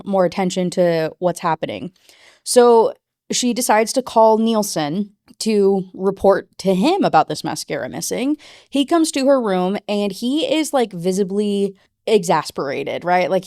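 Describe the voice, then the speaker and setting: A woman's voice: mid-range voice, warm tone, no room sound, clean studio sound. A woman book reviewer giving a casual rant review, chatty and full of "like" and "you know.".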